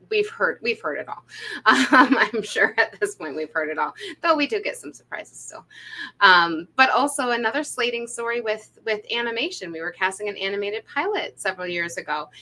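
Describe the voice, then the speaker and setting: Woman, bright tone, mid pitch; friendly talkative podcast co-host who laughs easily. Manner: chatty, anecdotal, laughs easily. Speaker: casting director and podcast co-host. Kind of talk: casual podcast chat.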